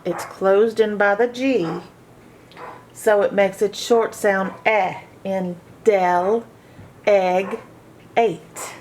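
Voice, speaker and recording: A woman teaching a phonics lesson to children, sounding out each word slowly, syllable by syllable. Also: mid-range voice, slight background noise. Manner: slow, sounding out syllables one by one. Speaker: reading teacher.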